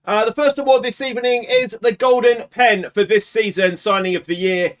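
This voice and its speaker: An Australian man hosting a let's play, talking casually through a game and swinging from quiet muttering to anguished shouts. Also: high-pitched, fairly even intonation, normal speed.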